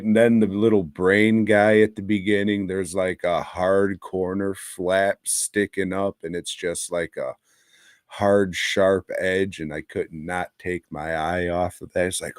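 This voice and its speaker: A man's voice: low-pitched, slow, dry recording, clean studio sound. A man co-hosting a podcast, reviewing movies in casual, profane chat and acting out quotes as he tells stories. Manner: profane, animated storytelling with acted-out quotes. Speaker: podcast co-host.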